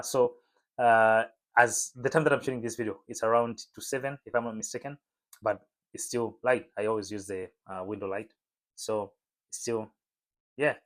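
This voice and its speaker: Man, chatty, relaxed, casual vlog, talking to camera, home room. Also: fairly low pitch. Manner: relaxed, chatty, frequent fillers. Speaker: vlogger. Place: home room lit by a window.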